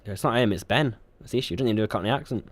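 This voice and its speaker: Fast-talking young man, rambling. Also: lowish voice, no echo. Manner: rambling, hesitant, many ums and restarts. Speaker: podcast co-host. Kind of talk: casual chat.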